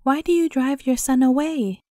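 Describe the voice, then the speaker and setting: A gentle, bewildered little boy turned dwarf, put on by a woman reading a storybook. He speaks softly and pleadingly in a raised, dark-toned voice. The recording is dry and close. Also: high-pitched, normal speed, no echo, close to an everyday voice. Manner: pleading, soft-spoken.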